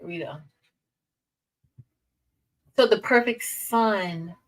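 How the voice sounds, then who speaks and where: A woman's voice: medium pitch, very slow. Chatty woman teacher, slightly distant mic. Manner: chatty, addresses viewers as y'all, reads chat aloud. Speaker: teacher and livestream host. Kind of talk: casual livestream chat.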